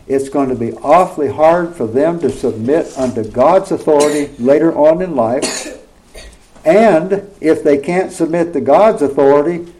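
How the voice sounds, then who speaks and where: A man's voice: on the high side, warm tone, low-quality recording. A middle-aged man preaching a sermon in a conversational way, often checking in with his listeners through rhetorical questions.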